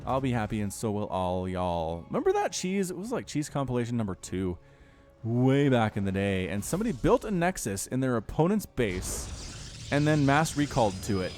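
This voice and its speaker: A man's voice: mid-range voice, normal speed, soft background music. A man commentating a strategy game replay in a chatty way, talking straight to his viewers. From United States. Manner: animated, chatty, addresses viewers directly. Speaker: esports caster.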